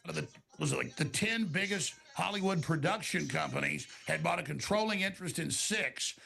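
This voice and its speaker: A man's voice: a little high, expressive, fairly quick, vocal fry, sharp tone. A man in a heated online debate, talking over the other side and jumping between tangents.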